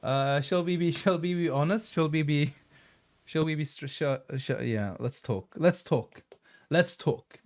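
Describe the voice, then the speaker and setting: A man's voice: a little high, normal speed. A young man streaming live, chatting casually and earnestly, rambling a little as he thanks viewers one by one.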